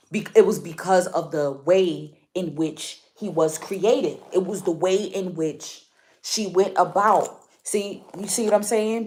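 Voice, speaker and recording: A woman's voice: mid-range voice, a little mellow. A woman giving a casual spiritual card reading to her viewers. She speaks emphatically, repeats her points and often asks if they follow her.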